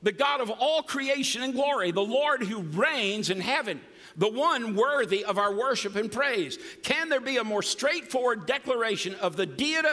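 A man's voice: very high-pitched, animated, normal speed, pushed and bright. An older man preaching a sermon as pastor, emphatic and folksy with humor. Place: church sanctuary. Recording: long reverb of a large hall.

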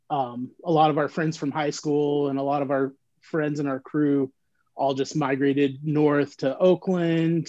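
A man's voice: fairly high pitch, mellow, lo-fi sound. A man reminiscing in casual chat, rambling in a laid-back way with lots of "like.". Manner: laid-back rambling storytelling, heavy use of "like". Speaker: band member recalling band history.

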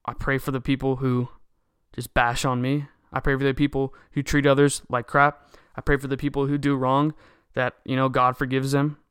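A man's voice: medium pitch, level tone, normal speed, a bit bright, clear, resonant tone, no room sound, studio quality. A man hosting a podcast, delivering an indignant, heated political monologue that keeps circling back to the same complaints. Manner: heated, indignant, repetitive ranting. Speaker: podcast host.

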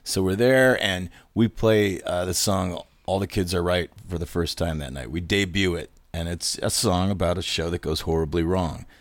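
A man's voice: low-pitched, moderate pace, few pauses, no room sound. A musician guest, a man, telling band stories in a casual chat and acting out what others said. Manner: animated anecdotes, acts out quotes. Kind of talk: casual storytelling.

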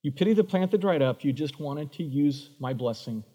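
A male pastor delivers a sermon with a somewhat high voice. He brings the story to life by acting out its characters. His voice rings out with the long reverb of a large hall. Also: moderate pace, muffled recording. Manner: animated, acts out voices of Bible figures.

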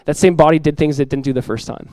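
A middle-aged man preaching a sermon as pastor to his church, earnest and direct, repeating key lines and acting out everyday voices with lively emphasis. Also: on the high side, fast talker, no echo, rough recording. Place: church sanctuary.

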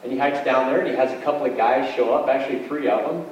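A man's voice: medium pitch, fairly even intonation, quick pace, darkish tone, dull audio. A middle-aged man preaching in a folksy, conversational way, telling a plain-spoken story about his family. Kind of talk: storytelling sermon. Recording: echoey hall, distant mic, faint noise.

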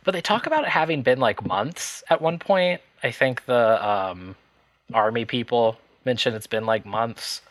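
A man's voice: mid-range voice, animated, normal speed, a bit bright, no room sound. A man co-hosting a podcast, chatting casually about a bad movie, hesitant and rambling with frequent laughs. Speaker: podcast co-host.

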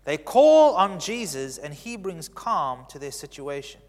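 A man preaching in a large church hall, his fairly high voice trailing off into a long reverb. He stresses key phrases by repeating them and swings between loud declarations and near-hushed lines. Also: very animated, a little slow. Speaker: pastor. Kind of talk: sermon.

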